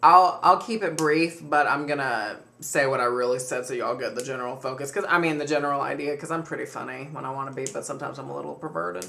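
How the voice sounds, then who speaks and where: A man's voice: mid-range voice, fast, gravelly, few pauses, bright, forceful tone, a little hiss or hum. A man chatting casually and candidly to camera as a vlogger, jokey and easily sidetracked. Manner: chatty, candid, jokey, drifts off mid-sentence.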